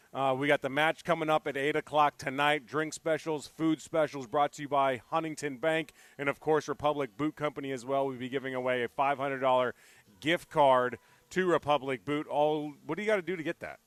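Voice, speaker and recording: A male sports radio host chatting live from a remote event, rambling animatedly from story to story. His voice is smooth and clear and sits slightly high, with a dry, close sound. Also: steady tone, fairly quick, a bit bright, no room sound. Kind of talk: casual on-air chat. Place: live remote broadcast at a park venue.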